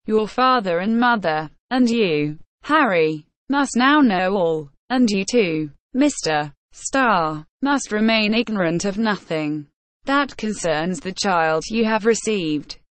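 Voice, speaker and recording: A woman's voice: medium pitch, lively intonation, takes it slowly, no echo. A woman reading as a resolute young woman. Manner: clear and firm. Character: pale, resolute young woman, loyal and serious.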